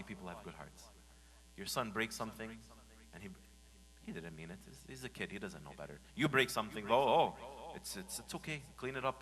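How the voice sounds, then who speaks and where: A man delivers a Friday sermon in a mosque with a bright, forceful voice. He talks like a storyteller, going hushed and tender, then bursting into loud, mimicked scolding. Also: on the low side, poor audio. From United States. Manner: animated, swings from hushed to shouting when acting out scolding. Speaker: preacher.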